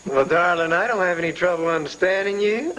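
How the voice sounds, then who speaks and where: A man's voice: high voice, fairly quick, crowd noise, lightly acted, rough recording. An actor playing a flirtatious, easygoing man, playful and insistent in his offers. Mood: flirty. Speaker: charming local man. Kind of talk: daytime soap acting.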